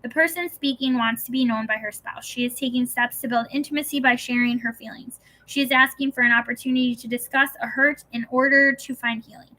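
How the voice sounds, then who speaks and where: A woman reading an audiobook in a calm, even scripted narration with gentle emphasis. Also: fairly high pitch, low-quality recording.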